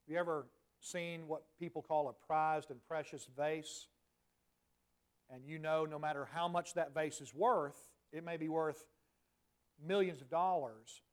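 A man in his forties preaching a sermon in a conversational way, dropping to soft, emphatic asides. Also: on the high side, unhurried. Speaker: pastor.

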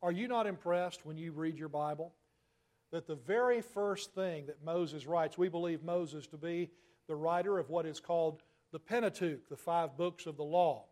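A man's voice: on the high side, a little mellow. Emphatic man preaching a sermon. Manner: emphatic, rhetorical questions, slow stressed phrases.

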